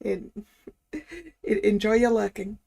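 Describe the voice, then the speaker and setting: A woman's voice: mid-range voice, slow, creaky, warm tone, slightly rough. A woman streamer making casual, amused asides while playing a game. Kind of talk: casual let's-play commentary.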